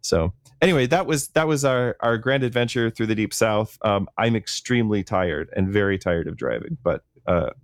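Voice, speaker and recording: A man with a lowish voice co-hosting a podcast, chatting casually and telling stories in a loose, rambling way. His voice sounds dry and close, with little room around it. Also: normal speed, few pauses, no echo. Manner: rambling, storytelling with fillers. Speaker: podcast co-host. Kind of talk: casual chat.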